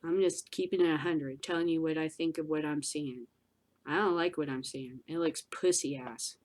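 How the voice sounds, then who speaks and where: A woman hosting a news commentary show, ranting bluntly and profanely, going from loud outbursts to low muttering. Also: fairly even intonation, moderate pace. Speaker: podcast host.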